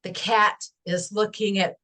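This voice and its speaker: A woman's voice: medium pitch, level tone, a little slow, bright, forceful tone. A woman hosting a motivational workshop, talking enthusiastically, laughing often and telling stories. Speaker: workshop host and motivational coach. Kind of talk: motivational workshop talk with storytelling.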